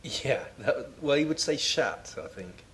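A man's voice: medium pitch, lively intonation, normal speed. A man in his forties co-hosting a comedy chat with dry, mock-serious wit. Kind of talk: comedic banter.

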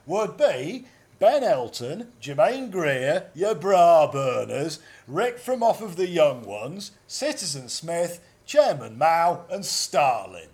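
A man co-hosts a comedy podcast with deadpan, mock-serious banter. His voice sits a little high, and he announces things with wry exaggeration. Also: slow.

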